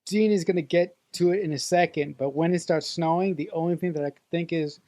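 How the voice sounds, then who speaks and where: A woman's voice: on the low side, a little fast, mellow, no room sound. A woman co-hosting a movie podcast, chatting casually with many restarts and repeated words. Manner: hesitant, repeats words, laughs often. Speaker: podcast co-host. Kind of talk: casual movie review chat.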